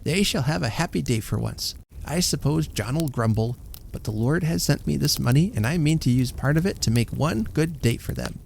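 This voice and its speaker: A man voicing a poor, kind-hearted old washerwoman, speaking high and soft. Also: normal speed, gravelly, a little hiss or hum. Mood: thoughtful. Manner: high, soft, breathless excitement.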